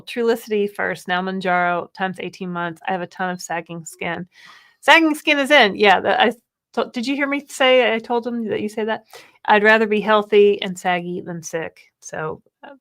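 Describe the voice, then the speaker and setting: A woman's voice: mid-range voice, moderate pace, a bit bright. Chatty woman in her fifties, live chat. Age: 50s. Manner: chatty, laughs often, reads comments aloud. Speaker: co-host of a livestream. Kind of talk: casual live chat reading viewer comments.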